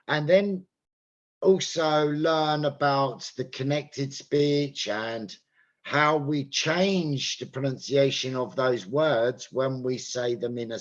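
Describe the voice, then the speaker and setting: A British-accented man explaining English sounds on a video call, slow and unhurried. His voice comes through a little dull and muffled, and he keeps checking in with a friendly "okay?". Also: medium pitch. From England. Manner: patient, checks understanding with "okay?". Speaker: English teacher. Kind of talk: explaining to an online class.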